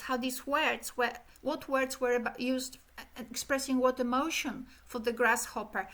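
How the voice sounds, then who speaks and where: A middle-aged woman giving an animated academic keynote lecture, illustrating speech rhythm with sung syllables. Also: high-pitched. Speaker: keynote speaker.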